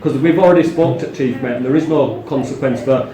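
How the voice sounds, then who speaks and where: A man's voice: mid-range voice, brisk, distant mic, a crowd in the background. A man filming a confrontation with police at a station counter, talking passionately and insistently and calling everyone mate. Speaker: citizen journalist filming police. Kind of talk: heated confrontation on camera. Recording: echoey lobby, off-mic, busy background.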